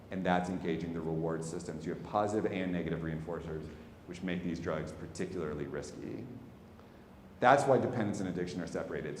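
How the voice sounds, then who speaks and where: A man giving a public talk, telling a candid personal story with wry asides and animated bursts. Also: low voice, slight background noise. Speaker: speaker. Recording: echoey hall, faint ambience.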